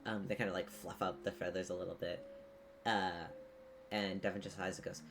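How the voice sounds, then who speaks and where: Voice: deep voice, level tone, brisk, slight background noise. A game master narrating a streamed tabletop game in a loose, casual way, heavy on filler words.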